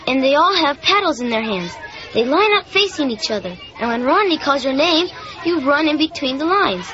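A nervous young boy, high lively voice, lo-fi. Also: moderate pace, a faint crowd, exaggerated voice. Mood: explaining.

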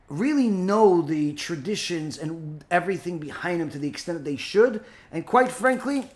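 A man who is a rabbi, giving an informal spoken lecture, rambling with many fillers and turning emphatic and scolding. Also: sits high. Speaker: rabbi and teacher.

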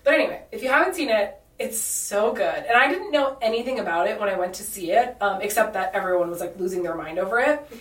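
A woman's voice: medium pitch, animated, quick pace. A young woman co-hosting a podcast, chatting casually and telling stories with lots of "like" and "um". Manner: chatty storyteller, many "like" and "um" fillers. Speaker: podcast co-host. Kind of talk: casual chat. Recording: roomy echo, mic at a distance.

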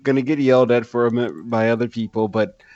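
A man's voice: mid-range voice, a little mellow, no room sound. Laid-back co-host man, dry dull audio. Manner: laid-back, drawn-out with fillers like "like". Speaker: podcast co-host. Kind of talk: casual movie podcast chat.

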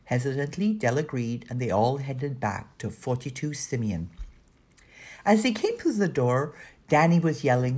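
A woman narrating a children's audiobook in a lively, expressive storytelling manner, with a breathy voice. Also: a bass voice, moderate pace.

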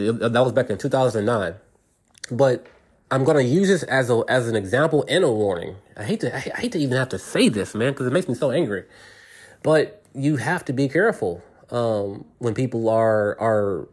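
A man's voice: mid-range voice, a little mellow, slightly rough. A middle-aged man hosting a podcast, giving earnest unscripted advice in a rambling way, full of repeated words and restarts. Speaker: podcast host.

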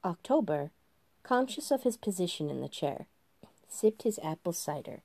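A woman hosting a podcast reads a story aloud in a gentle, relaxed way. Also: on the low side, normal speed, no room sound. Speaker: podcast host reading a story. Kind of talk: storybook narration.

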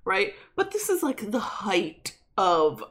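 A woman's voice: mid-range voice, sing-song, slow pace, a bit bright. A woman co-hosting a podcast in casual chat, telling stories with swearing and animation. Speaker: podcast co-host.

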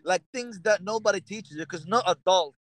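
A man's voice: high-pitched, normal speed, no room sound. A man from Morocco, chatting casually and acting out voices as he tells stories. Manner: animated storyteller, acts out voices in anecdotes. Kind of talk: casual chat.

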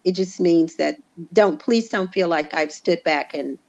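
A woman's voice: on the low side, unhurried. Emphatic woman, dull lo-fi sound. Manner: animated, emphatic, voice jumps up for stress. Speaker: church member guest. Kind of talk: casual conversation.

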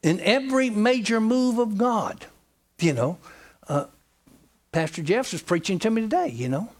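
A man's voice: sits high, animated, normal speed. A man preaching a sermon in an emphatic, folksy way, hammering points home by repeating them.

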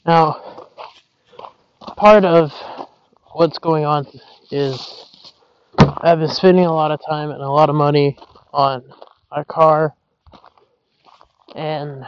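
Slow-talking rambling man, breathing heavily. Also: a little high, a little hiss or hum. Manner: rambling, apologetic. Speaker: podcast host. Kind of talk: casual rambling monologue. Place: outdoors in a yard. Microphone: not his usual headset. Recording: dull lo-fi outdoor recording.

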